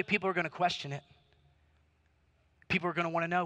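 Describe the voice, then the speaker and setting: Bright, high-voiced emphatic male preacher. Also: steady tone, fast, pauses often. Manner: emphatic preaching with repeated rhetorical questions. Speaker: pastor. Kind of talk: sermon. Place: church auditorium.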